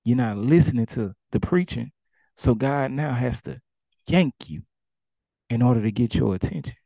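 Gravelly preaching man, dark tone. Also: medium pitch, animated, moderate pace, no echo. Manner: preaches in casual dialect, acting out commands and swinging between loud and hushed. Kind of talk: sermon.

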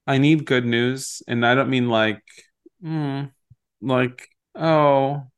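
A man's voice: mid-range voice, fairly even intonation, slow, clean tone. A man co-hosting a podcast, chatting casually and animatedly while recapping a TV episode and quoting its scenes. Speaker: podcast co-host.

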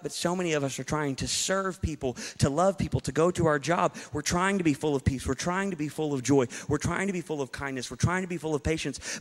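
Male pastor, slightly high voice, emphatic sermon with joking asides, reverberant hall. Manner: emphatic, rhetorical preaching with playful asides to the congregation. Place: church hall before a congregation.

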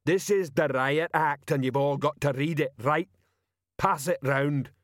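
Guy doing a big dumb troll sergeant, super slow, loud, dry sound. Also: a little high, no echo, pitched above the performer's own voice, natural voice. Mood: bellowing. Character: huge slow-witted male troll sergeant.

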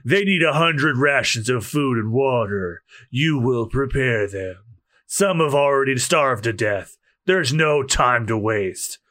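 A man voicing a menacing pirate captain in a gruff action-hero growl, during a dramatic manga read-aloud. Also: mid-range voice, lively intonation, slow, fairly bright tone. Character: menacing gravel-voiced male pirate captain.

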